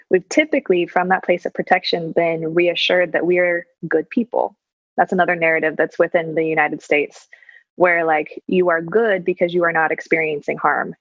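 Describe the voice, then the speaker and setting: Woman, low voice, gravelly fry, relaxed and reflective, lots of fillers, dull lo-fi sound. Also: no room sound. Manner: relaxed, thoughtful, with frequent fillers and casual swearing. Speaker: clinical social worker guest. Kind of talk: casual reflective conversation.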